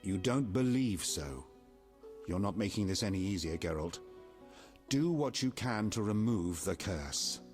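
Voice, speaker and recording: A stern, deep-voiced king. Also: expressive, darkish tone, soft background music. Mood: commanding. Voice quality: commanding, measured, menacing. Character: stern middle-aged king, threatening and commanding. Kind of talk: video game dialogue.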